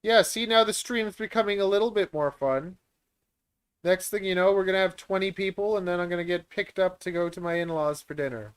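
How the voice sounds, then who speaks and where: A man's voice: sits high, fairly quick, smooth. A man, hosting a live Q&A stream in a rambling, easygoing way. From Canada. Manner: chatty, rambling, laughs easily. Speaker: reptile breeder and stream host.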